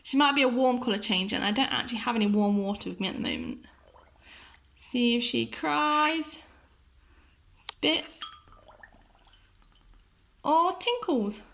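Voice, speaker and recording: A woman's voice: on the high side, animated, unhurried, gravelly, pauses often, a bit bright, a little hiss or hum. A woman narrating a toy unboxing in a casual way, gushing and enthusiastic as she talks to viewers.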